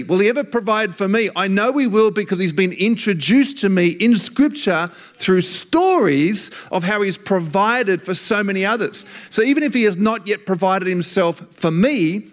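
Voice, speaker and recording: A man delivering a sermon with a fairly high voice for a man. He speaks earnestly and emphatically, in a conversational, down-to-earth way. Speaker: preacher.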